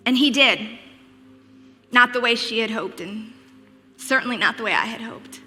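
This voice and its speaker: A woman's voice: fairly high pitch, moderate pace, pushed and bright, big-room sound, faint music behind. A woman giving an earnest sermon that weaves in family stories with wry humor. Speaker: speaker.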